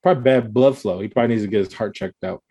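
A man's voice: fairly low pitch, racing, mellow, breathy edge, highs cut off. Laid-back man telling jokey stories. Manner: laid-back storyteller who laughs often and acts out quoted lines. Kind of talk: casual comedic chat.

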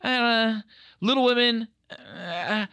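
Podcast co-host, male, bright crisp voice, dry close mic, jokey and loose. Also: very high-pitched, takes it slowly, dry recording. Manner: jokey, hesitant restarts, leads the segment. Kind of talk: casual chat.

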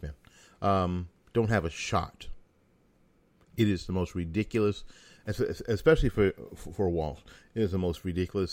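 A middle-aged American talk show host riffs through an opinion monologue in a very low, deep voice that is blunt, sarcastic and a bit folksy. The recording is dry and close, with no room sound at all.

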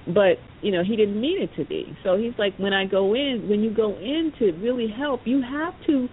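A woman host tells a long story in a casual way. She acts out the voices of the people in it and fills the gaps with "you know" and "um". Her voice comes through a thin, phone-like line with a faint low rumble behind it. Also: moderate pace. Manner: animated storyteller, acts out quoted voices, many fillers. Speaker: podcast host.

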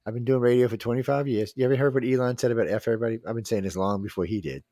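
A man's voice: medium pitch, very fast, mellow, no room sound, clean studio sound. A man in his fifties hosting a talk radio show, blunt, rowdy and profane, speaking casually. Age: 50s.

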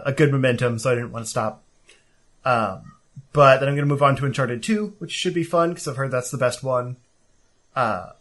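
Rambling relaxed man chatting. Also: mid-range voice. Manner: rambling, filler-heavy, relaxed. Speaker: podcast co-host. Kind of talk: casual chat.

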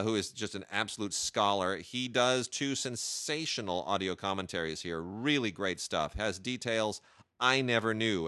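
Bright-voiced, eager male film show host. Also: lowish voice, no echo, studio quality. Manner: enthusiastic, with many hesitations and restarts. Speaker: podcast host reviewing film releases. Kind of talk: casual chat.

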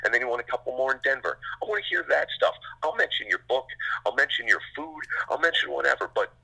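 A middle-aged man, a sports radio host, chatting casually in an interview, rambling through animated stories with quick asides. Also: medium pitch, creaky, slightly rough, rough recording.

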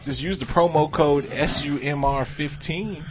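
A young man co-hosting a casual podcast, joking around and reading plugs in a playful, smooth voice. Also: a little high, a little slow, crowd noise. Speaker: podcast co-host.

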